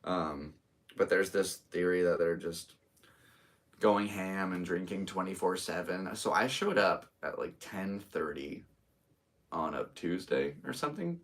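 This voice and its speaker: A deep-voiced American man in his thirties hosts a solo live podcast. He chats in a loose, easygoing ramble and talks straight to his viewers. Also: expressive, unhurried, far from the mic. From United States. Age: 30s. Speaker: podcast host and stand-up comedian. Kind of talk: casual solo livestream chat.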